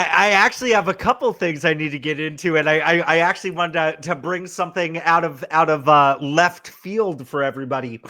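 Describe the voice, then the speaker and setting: A man's voice: a little high, sharp tone. A man co-hosting a casual podcast, chatting about wine in an easygoing but opinionated way. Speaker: co-host.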